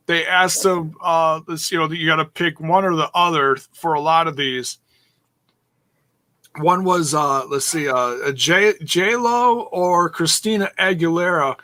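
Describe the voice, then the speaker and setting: A man co-hosting a casual podcast chat, slowly searching for words as he recalls a scene. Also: fairly high pitch, bright, forceful tone, dry recording. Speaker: podcast co-host.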